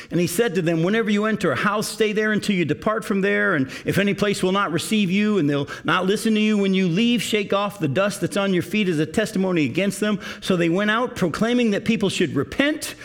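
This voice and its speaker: A male pastor preaching a sermon in a conversational way, asking his listeners questions. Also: sits high.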